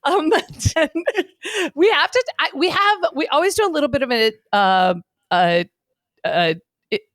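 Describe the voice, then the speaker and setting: A woman's voice: high voice, animated, slow, a bit bright, no echo, clean studio sound. A woman co-host chatting in a giggly way, sometimes losing her words, recorded remotely. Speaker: podcast co-host. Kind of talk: casual chat. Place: remote recording, separate room.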